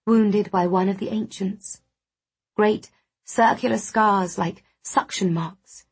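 A woman narrating a first-person audiobook in a measured storytelling manner. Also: mid-range voice, slightly rough.

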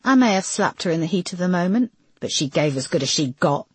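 A grieving young mother, tense and defensive, as a woman narrator puts her on. Her husky voice climbs high when she protests and swings widely in pitch. The recording is close and dry. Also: animated, fairly quick, dry recording. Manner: emotional, higher and louder.

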